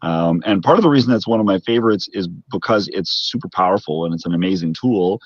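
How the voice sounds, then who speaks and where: A man's voice: low voice, quick pace, no echo, lo-fi sound. A man from Canada, a plastic surgeon, explaining procedures methodically in an interview, with frequent restarts.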